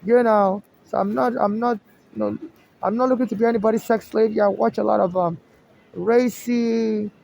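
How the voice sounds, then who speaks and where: A man talking in a rambling casual monologue to camera, filling his pauses with "you know". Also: high-pitched, fairly even intonation, creaky, darkish tone, low-quality recording. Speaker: vlogger. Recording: music playing behind the voice.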